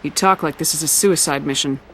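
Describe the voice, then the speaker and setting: An actress playing a calm, decisive military commander in a video game, speaking in direct orders and questions. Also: female voice, low voice, brisk, a little hiss or hum, close to an everyday voice.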